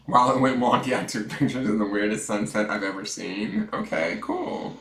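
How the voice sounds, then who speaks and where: A man hosting a casual tarot livestream from home, chatty and self-mocking, swinging between loud greetings and mumbled asides. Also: fairly low pitch, fairly quick, roomy sound, slight background noise. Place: room at home with dogs snoring nearby.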